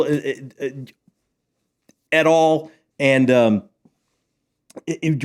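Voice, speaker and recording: A man's voice: medium pitch, a little mellow. A middle-aged man chatting casually about a book he loved, enthusiastic and rambling, with many fillers. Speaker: book channel host. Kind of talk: casual book review chat.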